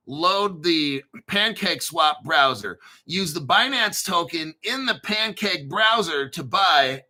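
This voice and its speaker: A man's voice: on the high side, sharp tone. A man hosting his own crypto channel, talking in a profane, hyped and rambling casual rant with sudden bursts of emphasis.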